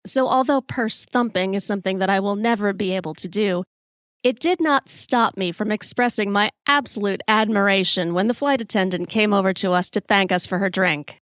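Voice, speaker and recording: Expressive forties woman storyteller, self-deprecating humor, mid pitch, dry close sound. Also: normal speed, no echo. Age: 40s. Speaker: podcast host. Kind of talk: solo storytelling podcast.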